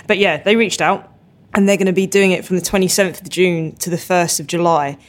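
A man co-hosting a podcast, chatting in a relaxed, easygoing way. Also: high voice, brisk. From Philippines. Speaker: podcast co-host. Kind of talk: casual chat.

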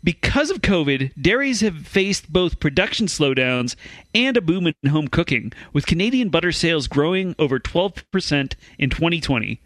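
Man, comedy podcast co-host, reads stories aloud, stumbles and restarts, fairly high voice, very animated, dry close sound. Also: moderate pace, no echo.

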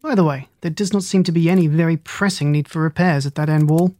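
An audiobook reader voicing a calm, precise Victorian detective who speaks in a formal, measured way. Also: medium pitch, no room sound, clean studio sound, lightly acted. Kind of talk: audiobook reading.

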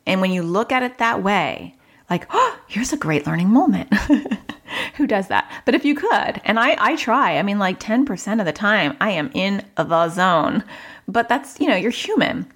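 This middle-aged woman speaks at medium pitch with an animated, fairly bright tone and a measured pace. Hosting a parenting advice podcast, she chats, pokes fun at herself, and voices what kids might say.

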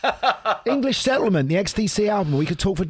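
A man's voice: sits high, lively intonation, brisk, breathy edge. A man hosting a podcast, chatting casually and laughing often. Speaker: podcast host. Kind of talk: casual chat.

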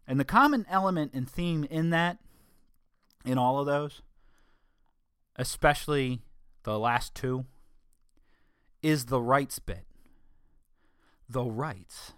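A man's voice: medium pitch, a bit bright, smooth, no room sound. Guy ranting about politics, sarcastic, drags out words for emphasis, dead dry audio. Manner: emphatic, sarcastic asides, slows down to stress words. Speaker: political commentator. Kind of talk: opinion monologue.

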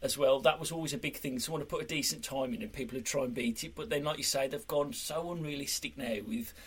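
A man's voice: mid-range voice, fast, slightly rough. A man hosting a podcast in an easygoing, agreeable chat. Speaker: podcast host. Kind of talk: casual chat.

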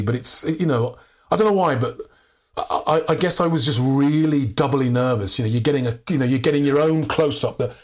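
An English actor, a man, telling anecdotes as a guest in a candid interview, restarting sentences and laughing often. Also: a little high. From England. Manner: animated storyteller, many restarts and laughs.

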